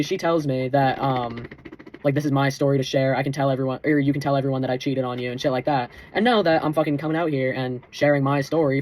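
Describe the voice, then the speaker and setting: A man's voice: mid-range voice, a little mellow. A young man telling a personal story in a rambling, profane, heated vlog rant. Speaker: vlogger.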